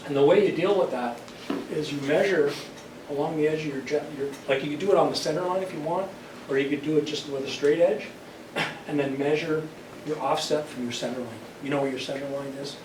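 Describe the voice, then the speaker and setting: An older man giving a casual step-by-step woodworking demonstration at a club meeting. He explains patiently, stumbles over and repeats words, and clears his throat now and then. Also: fairly high pitch. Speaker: club presenter. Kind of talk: casual hands-on demonstration talk. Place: club meeting room, indoors. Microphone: room mic far from the speaker. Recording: echoey, distant, noisy room recording.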